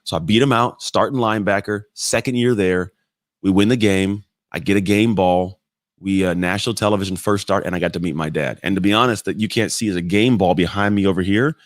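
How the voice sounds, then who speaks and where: A man in his thirties talks as a podcast guest, with a very low voice. He tells his stories in a lively, blunt way and swears now and then. The sound is dry and close. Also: no room sound. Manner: animated, blunt, swears casually. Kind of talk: casual storytelling in conversation.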